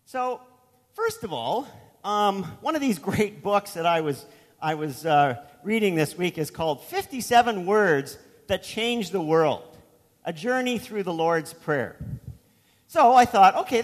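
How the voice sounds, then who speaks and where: A man's voice: sits high, big-room sound. A man preaching a sermon as pastor, telling a story in a conversational way with asides.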